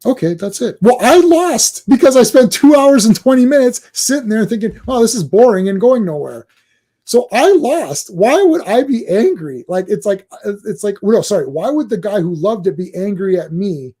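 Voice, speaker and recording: A man on a casual podcast, talking in a warm, mellow tone with a fairly high pitch. He is animated and rambling, and he slips into mocking voices to act out other people's complaints. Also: normal speed, few pauses, breathy edge. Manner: animated, mimics fans in mocking quoted voices. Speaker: podcast co-host. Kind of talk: casual chat.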